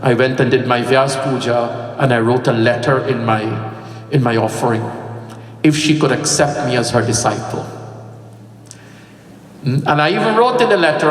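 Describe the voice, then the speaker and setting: A man's voice: medium pitch, moderate pace. A man giving a devotional discourse, telling stories and breaking into chanted verses. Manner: storytelling, breaks into sung Sanskrit verses. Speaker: pandit reciting scripture. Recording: echoey hall, voice from far off, faint music.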